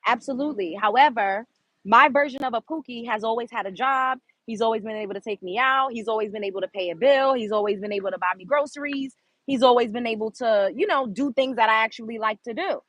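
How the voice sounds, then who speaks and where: A woman from Brooklyn, New York runs her own show, ranting bluntly and profanely off the cuff to her live chat. She speaks fast in a fairly bright, higher-pitched voice, and the audio is dry and poor.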